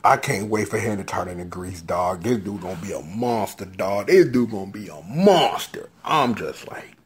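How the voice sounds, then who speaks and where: A man giving a casual, hyped-up episode review, joking and slangy, often leaping into high shouts. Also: lively intonation, normal speed. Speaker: show recap vlogger.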